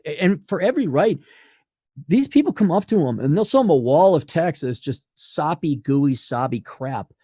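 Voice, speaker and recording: A man being interviewed on a podcast, blunt and profane, swinging from loud rants to low asides. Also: lively intonation, moderate pace, breathy edge, no room sound, clean studio sound. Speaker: podcast guest.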